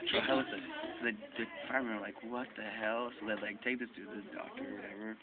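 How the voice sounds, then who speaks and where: A man's voice: mid-range voice, very animated, fast, vocal fry, narrow, tinny audio, crowd noise. A teenage boy telling rambling stories in a classroom, laughing often. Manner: rambling storyteller, laughs a lot. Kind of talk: casual chat. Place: classroom during a dissection.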